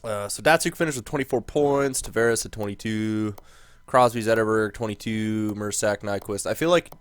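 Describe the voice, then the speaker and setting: A young man giving casual commentary while playing a hockey management game, thinking aloud and quickly swinging into exasperated rants. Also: fairly low pitch, clean tone, no echo. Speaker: gaming commentator.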